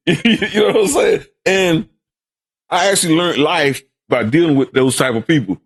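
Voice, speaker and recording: An older man from Brooklyn, New York, appears as a podcast guest and the host's father, telling stories in casual conversation. His high voice moves at normal speed with a slightly rough quality, and he often repeats words and does voices for the people he quotes.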